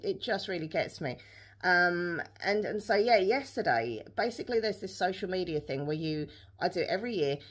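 Vlogger: young woman, slightly low voice, rambling casual chat to camera. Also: a bit bright. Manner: chatty, rambling, with many fillers and restarts. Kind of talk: casual day-in-the-life vlog chat.

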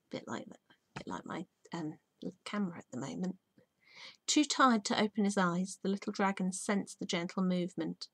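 Woman teacher reading a storybook aloud, soft and hushed, dry close sound. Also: lowish voice, dry recording. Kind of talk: reading a children's book aloud.

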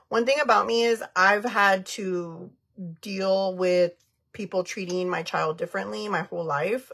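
A woman's voice: medium pitch, noisy background. A woman in her thirties chatting casually on a livestream as she does her makeup, answering viewer comments in a blunt, chatty way and laughing often. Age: 30s. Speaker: makeup artist livestreaming a tutorial. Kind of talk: casual livestream chat while doing makeup.

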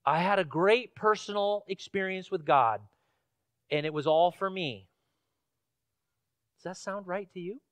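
A man's voice: high-pitched, measured pace, long pauses, fairly bright tone, dry recording. A male pastor from Washington State preaching a sermon in a church, telling stories casually with fillers and building to emphatic questions. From Washington State, USA. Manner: conversational storytelling with fillers, rising to emphatic questions. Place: church sanctuary.

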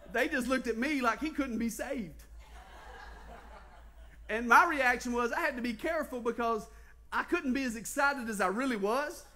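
A male pastor with a Southern US accent, preaching a sermon, telling stories with animation and constantly asking the congregation questions. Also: very high voice. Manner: animated storytelling, quizzing the congregation.

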